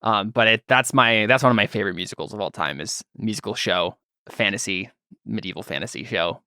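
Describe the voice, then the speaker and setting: A man running a tabletop role-playing game as game master, chatting in a relaxed, rambling way with lots of fillers. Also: fairly low pitch, brisk, no echo, studio quality. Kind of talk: casual chat while setting up a tabletop game.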